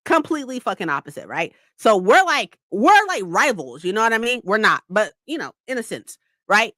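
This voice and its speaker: A woman's voice: a little high, big pitch swings, moderate pace, sharp tone, dry recording. A young woman from California chatting casually with viewers, swearing freely and laughing often. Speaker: streamer. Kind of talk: casual chat.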